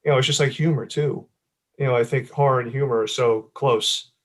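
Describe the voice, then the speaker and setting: A middle-aged man speaks in an easygoing, conversational way, pitched squarely in the middle of the male range. He meanders through his thoughts, restarting phrases and scattering fillers as he goes. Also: fairly even intonation, brisk. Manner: rambling, many fillers and restarts, laughs often. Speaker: author. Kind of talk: casual interview chat.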